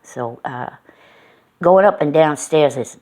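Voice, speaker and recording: A woman's voice: low-pitched, slow, a little mellow. A middle-aged woman vlogging from home, telling a folksy, meandering story full of fillers. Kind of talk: casual rambling storytelling.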